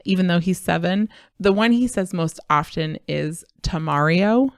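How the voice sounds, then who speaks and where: A woman in her thirties co-hosting a casual podcast, telling stories with lively energy and mimicking children's voices. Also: on the low side, moderate pace, no room sound, clean studio sound. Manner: animated storytelling, imitates kids' voices. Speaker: podcast co-host. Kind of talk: casual chat.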